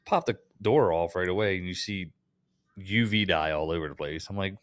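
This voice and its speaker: Man, American accent, deep low voice, casual storytelling, swears a lot, dry close sound. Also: normal speed, no echo. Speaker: podcast co-host, HVAC technician. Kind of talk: casual chat.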